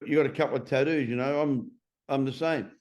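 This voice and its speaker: A man's voice: mid-range voice, brisk, a little mellow, dull audio. A middle-aged man in a casual interview. He is a transformation coach who talks bluntly and swears freely.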